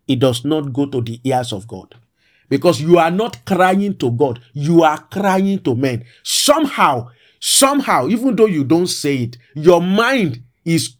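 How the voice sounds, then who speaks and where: Emphatic preacher man, higher voice. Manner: emphatic, repeats phrases, pitch leaps for stress. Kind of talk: sermon.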